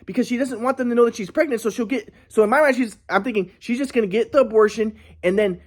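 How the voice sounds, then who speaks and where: A man's voice: extremely high pitch, quick pace, darkish tone. A man telling a personal story in an agitated, rambling way, swearing often and restarting his sentences. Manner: agitated, profane, repeats and restarts.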